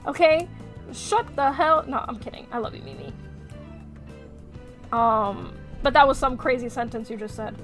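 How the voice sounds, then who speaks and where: A woman streaming as she draws, chatting casually with her viewers, animated and quick to swear. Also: a little high, soft background music. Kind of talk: casual chat while drawing on stream.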